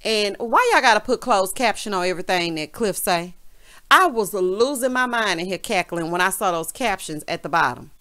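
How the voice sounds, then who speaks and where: A woman's voice: mid-range voice, moderate pace. Sassy Southern woman calling everyone honey. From American South. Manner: sassy and animated, says "honey" constantly. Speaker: reality TV recap vlogger. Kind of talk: casual sassy recap chat.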